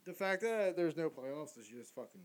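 A man co-hosting a casual sports podcast, ranting and swearing loudly about his teams in a profane, excitable way. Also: on the high side, moderate pace. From Philadelphia. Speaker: podcast co-host. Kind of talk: casual chat.

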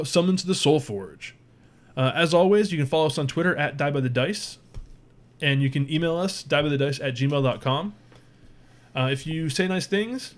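A man narrating a tabletop game as game master and podcast host, loose and rambling with many fillers. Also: on the high side.

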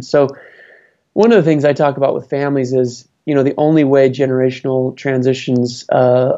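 A man speaks reflectively about family businesses, often pausing and restarting his sentences. His voice sits at a middle pitch. The recording is dull and slightly lo-fi. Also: dark tone. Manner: thoughtful, with many fillers and restarts. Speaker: guest advising family businesses. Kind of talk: conversational interview answers. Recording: dull lo-fi sound.

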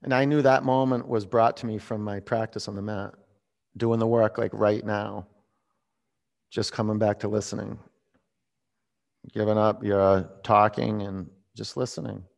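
A man in his forties leading a yoga class, calm and reflective as he tells a personal story between pose cues. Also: fairly low pitch, unhurried, creaky, pauses often. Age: 40s. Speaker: yoga instructor.

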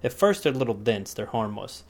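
A man's voice: on the low side, normal speed. Profane young man in casual podcast chat. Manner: profane, animated storytelling. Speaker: podcast co-host. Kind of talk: casual conversation.

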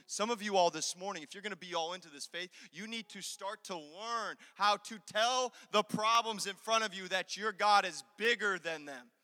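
High, bright preaching man in a reverberant hall. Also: brisk, few pauses. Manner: preachy, emphatic, swings from loud urging to quiet intensity. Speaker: pastor. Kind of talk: sermon. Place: church sanctuary.

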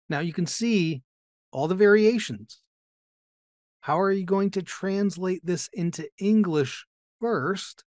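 A man with a slightly raised pitch teaches a Bible passage, explaining it step by step. He keeps turning to his listeners with rhetorical questions. The sound is close and dry, with no room echo. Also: darkish tone. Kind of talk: teaching sermon.

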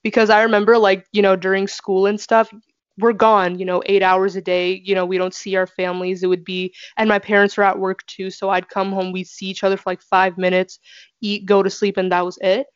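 A woman's voice: mid-range voice, flat delivery, fairly quick, smooth, no room sound. A young woman talking earnestly about gratitude in a casual discussion, with many fillers. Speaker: panelist. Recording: dry dull lo-fi audio.

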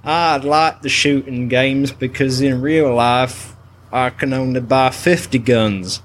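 A podcast host putting on an exaggerated, slow American accent as a joke. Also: male voice, mid-range voice, a little hiss or hum, natural voice. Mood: drawling. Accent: put-on American. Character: man in a hammy exaggerated American drawl. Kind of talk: comedic impression in casual chat.

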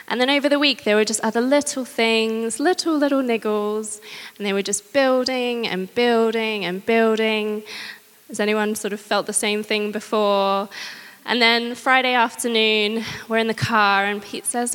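A woman preaching a sermon, candid and personal, with gentle humor. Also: fairly high pitch, fairly even intonation, moderate pace. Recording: long hall reverb.

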